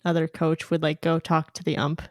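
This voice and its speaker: Woman host w a lowish voice, chatty, dry close sound. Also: completely flat delivery, no echo. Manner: chatty, quick to agree. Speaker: podcast host. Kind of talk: casual podcast chat.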